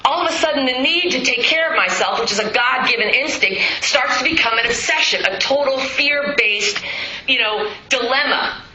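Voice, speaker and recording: At a recovery meeting in a meeting hall, a middle-aged woman gives a raw, blunt personal testimony, swearing freely and swinging between loud bursts and hushed lines. Her voice is high and her pace normal, and the muffled recording sounds roomy.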